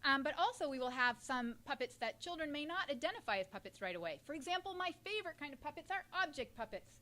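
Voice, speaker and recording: Woman puppeteer answering questions, high and bright, lively, some ums. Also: fast talker. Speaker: puppeteer guest. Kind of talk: interview answers.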